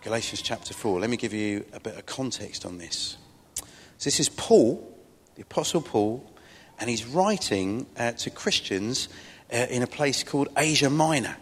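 A middle-aged male pastor preaching in a church, chatty and self-deprecating, with asides to his congregation. His voice is slightly husky and sits at an ordinary middle pitch. A long hall reverb trails behind every phrase. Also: expressive, moderate pace. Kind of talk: sermon.

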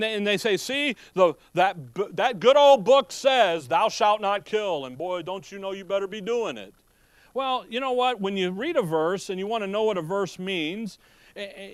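Folksy preacher man, fairly high voice. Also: fairly bright tone, dry recording. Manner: folksy, joking asides, rhetorical questions. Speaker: pastor. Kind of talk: sermon.

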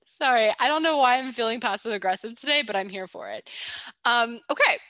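Bright-voiced woman in casual analysis chat. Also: fairly high pitch, brisk, no echo. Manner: chatty, playful, teasing. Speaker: podcast co-host.

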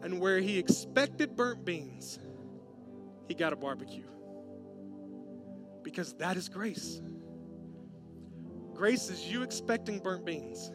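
A man preaching a sermon in a casual, slangy way that keeps swelling into excited, loud bursts. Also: high-pitched, takes it slowly, pauses often, over music. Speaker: pastor.

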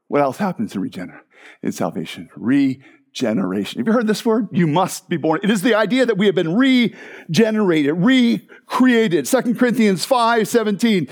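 A man preaching a sermon as pastor, animated and emphatic, with frequent restarts. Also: high-pitched, moderate pace.

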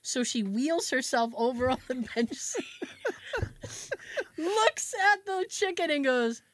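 A woman co-hosting a podcast, telling a family story in casual chat, animated and acting out her relatives' voices with frequent laughs. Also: sits high, slow. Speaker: podcast co-host.

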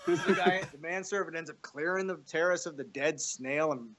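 Male guest, slightly high voice, profane raconteur who acts out every line. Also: brisk, crowd noise. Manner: profane, acts out quotes with pitch jumps. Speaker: guest telling a story. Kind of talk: animated storytelling.

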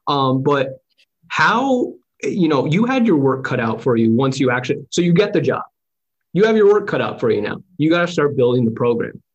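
A man hosting an interview, telling anecdotes in a chatty, animated way. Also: mid-range voice, moderate pace, breathy edge, lo-fi sound. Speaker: podcast host and former sports reporter. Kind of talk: casual interview chat with storytelling.

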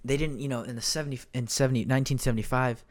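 A man's voice: mid-range voice, steady tone, very fast. A young man hosting his own podcast at home, talking casually into a desk microphone, rambling with many fillers and self-corrections. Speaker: podcast host. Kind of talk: casual solo podcast chat. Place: home room.

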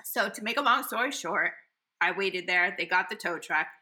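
A middle-aged woman co-hosting a podcast, telling a story in a dramatic, animated way and laughing often. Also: on the low side, normal speed. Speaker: podcast co-host. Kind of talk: casual chat.

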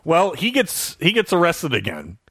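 A man talking through a movie plot, his voice bright and a little high, with a lively rise and fall. The recording is dry and close. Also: moderate pace, breathy edge, dry recording. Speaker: podcast co-host. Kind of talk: casual movie discussion.

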